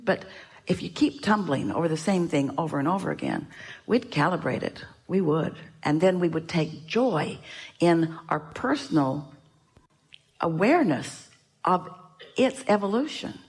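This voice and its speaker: A woman's voice: fairly low pitch, animated, measured pace, slightly rough. A woman giving an inspirational seminar talk to an audience. She speaks emphatically and repeats herself, and she refers to herself as "we".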